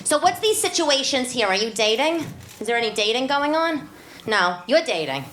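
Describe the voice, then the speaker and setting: A woman playing a brash, divorced New York single mother with a nasal New York accent, doing loud, brassy crowd work in a live cabaret comedy set on stage. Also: high voice, sing-song, normal speed. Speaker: stand-up character. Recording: echoey room, noisy live venue.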